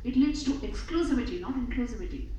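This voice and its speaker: A woman giving a spiritual talk, measured and emphatic, repeating phrases for effect as she tells a story. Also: on the high side, expressive, warm tone, a little hiss or hum. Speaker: spiritual speaker. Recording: echoey hall from a distant, dull mic.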